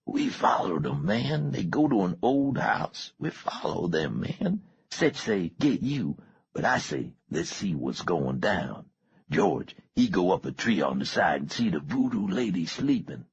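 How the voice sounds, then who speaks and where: A boastful teenage gang boy with a sore throat, voiced by a man, speaks in a hoarse, husky street drawl. He stretches his words out slowly. The audiobook recording sounds dull and lo-fi. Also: low-pitched, sing-song, voice pushed up, full character voice. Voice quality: husky whisper, street slang.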